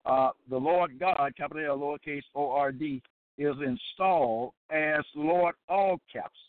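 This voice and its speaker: A man giving a sermon-style Bible lesson, deliberate and repetitive, often stopping to check that listeners follow. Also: on the high side. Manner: deliberate and repetitive, with many fillers and check-ins. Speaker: Bible teacher. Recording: tinny phone-like line, dry.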